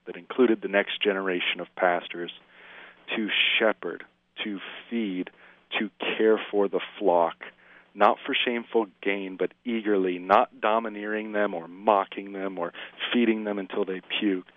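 A man, a minister, giving an earnest, reflective commentary on scripture and slowing down to dwell on the verses he quotes. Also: lowish voice, no echo. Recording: tinny phone-line sound, dry.

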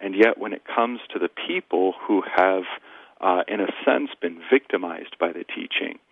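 A man's voice: low-pitched, moderate pace, creaky, no echo. A man, a Lutheran pastor, speaking as a guest in a radio interview with an emphatic, preaching cadence and rhetorical repetition. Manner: emphatic, repeats phrases for rhetorical build-up. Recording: tinny phone line.

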